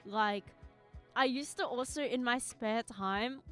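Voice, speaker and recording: Speaking slowly, a young-sounding female streamer rambles casually with her audience in a bright, clear, fairly high voice. Her talk is full of "like" and "you know," punctuated by giggles, while soft music plays faintly in the background.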